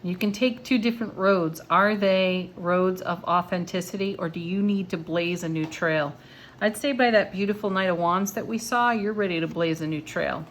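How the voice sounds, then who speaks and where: A woman giving a tarot card reading in a gentle, encouraging, spiritual manner. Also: lowish voice, normal speed, a little hiss or hum. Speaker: tarot reader.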